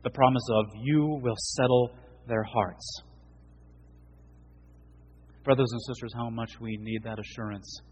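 A man preaching an earnest sermon as pastor, his voice swelling for emphasis and dropping low and soft. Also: fairly even intonation, a little slow, pauses often, slight background noise, poor audio.

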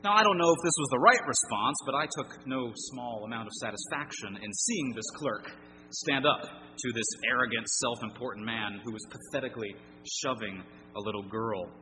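A man's voice: mid-range voice, moderate pace, sharp tone. A man preaching a sermon, earnest and emphatic, often asking his listeners rhetorical questions. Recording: long reverb with faint hum.

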